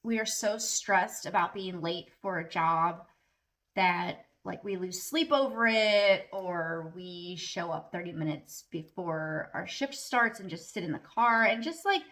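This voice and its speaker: A woman's voice: on the low side, unhurried, a bit bright. A middle-aged woman vlogging at home in a candid, casual monologue, earnest and emphatic with lots of "like" fillers.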